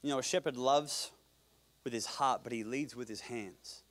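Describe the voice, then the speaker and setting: A male pastor preaches at a church service at a moderate pace. His sermon swings between loud, emphatic passages and quiet, low asides.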